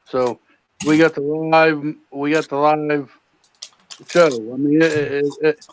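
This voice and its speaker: A man's voice: on the high side, steady tone, slow. A man co-hosting a casual livestream, reassuring his friend and laughing often. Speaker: co-host. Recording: dull lo-fi sound.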